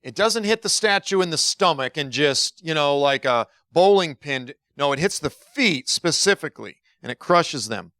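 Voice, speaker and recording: A man's voice: a little high, moderate pace, hardly any pauses, dry recording. Man preaching a chatty, dry-miked sermon. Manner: animated storytelling, acts out dialogue, laughs at himself. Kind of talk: conversational sermon with anecdotes.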